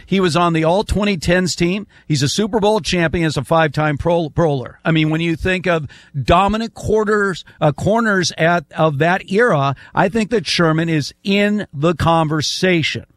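A man's voice: fairly high pitch, moderate pace, few pauses, no room sound. An older man hosting a casual sports debate, making emphatic points and reeling off statistics. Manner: emphatic, lists stats at length. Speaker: sports talk host.

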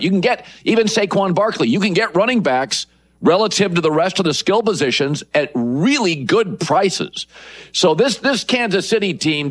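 A man's voice: sits high, fairly bright tone. A middle-aged man hosting a sports talk show, delivering an emphatic opinion monologue that builds lists for effect.

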